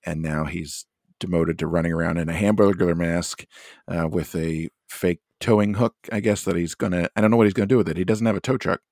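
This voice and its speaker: A man co-hosts a podcast and rambles wryly through casual chat. His voice is deep and the recording dry. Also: steady tone, fairly quick, a little mellow, no echo. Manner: rambling, wry. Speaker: podcast co-host.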